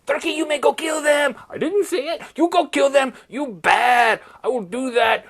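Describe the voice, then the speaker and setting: A high-pitched woman speaking at a normal pace hosts a satirical news podcast. She talks in a playful, sarcastic sing-song, throwing in mock cheers and clipped asides in broken English.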